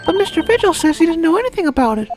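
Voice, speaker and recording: A man voicing a polite, earnest young woman assistant in a high falsetto, reading game dialogue aloud. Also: big pitch swings, racing. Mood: insistent. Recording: game music behind voice.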